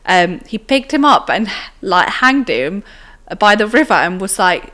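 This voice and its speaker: Her voice is medium in pitch but swings widely, sounding pushed and bright as she speaks unhurriedly. This twenty-something woman is a podcast guest recounting her own story in an interview, chatty and full of fillers such as "like" and "do you know what I mean."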